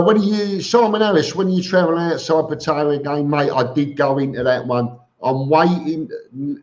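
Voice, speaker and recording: Slow-talking man reading out viewer comments. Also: mid-range voice, darkish tone. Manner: chatty, greets viewers one by one, joking asides. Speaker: vlogger hosting a live stream. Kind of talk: casual live-stream chat reading viewer comments. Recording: dull lo-fi stream audio.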